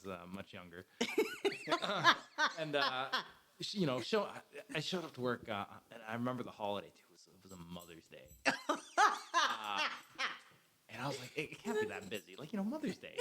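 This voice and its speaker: A man's voice: mid-range voice, wildly swooping pitch, normal speed, noisy background. Laughing man telling a rambling story. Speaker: server sharing work stories. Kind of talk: casual storytelling chat.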